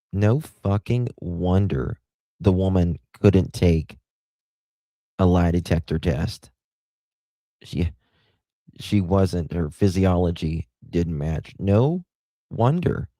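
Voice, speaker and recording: A man's voice: deep voice, takes it slowly, long pauses, warm tone, no echo. A man hosting a livestream, giving blunt, crude, rambling commentary. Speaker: livestream host.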